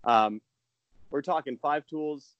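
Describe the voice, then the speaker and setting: A man's voice: fairly high pitch, slow, no echo, muffled recording. A man talking casually and with enthusiasm as a guest analyst on a podcast, rambling with restarts.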